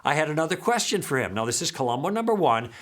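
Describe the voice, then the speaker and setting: A man leads a recorded teaching session, working through anecdotes from his own conversations. He acts out each side of the exchange, and his voice swings widely in pitch as he goes. He keeps pulling the listeners in with quick "okay?" and "all right?" check-ins. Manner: animated storyteller who acts out dialogue and checks in with "okay?". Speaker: apologetics teacher.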